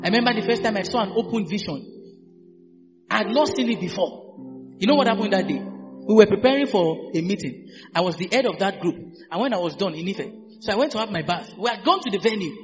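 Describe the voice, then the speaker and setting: High bouncy guy preaching, repeats stuff back and forth w the crowd, echoey muffled hall w faint music. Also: animated, quick pace. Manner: emphatic call-and-response preaching, repeating phrases. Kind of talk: sermon.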